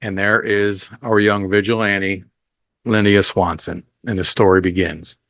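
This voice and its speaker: A man's voice: fairly low pitch, fairly even intonation, a bit bright, no echo. A man hosting a podcast, giving a casual, rambling film review full of ums and blunt profanity. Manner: unhurried, rambling with frequent ums.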